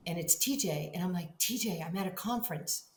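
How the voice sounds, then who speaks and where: A woman's voice: lowish voice, a little fast, reverberant, slight background noise. A middle-aged woman telling a story as a podcast guest, animatedly acting out both sides of each conversation. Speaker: guest, Hall of Fame basketball player.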